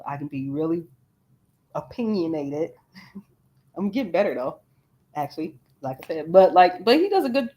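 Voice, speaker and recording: A woman co-hosting a casual chat with her partner, relaxed and talkative, with frequent "like" fillers. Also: fairly low pitch. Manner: relaxed, filler-heavy, laughs often. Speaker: co-host.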